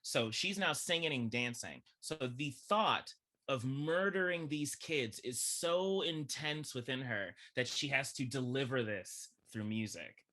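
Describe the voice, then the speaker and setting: A man chatting as a podcast guest, animated and laughing often, swinging from loud bursts to low murmurs. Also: measured pace. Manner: laughs often mid-sentence. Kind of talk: casual chat.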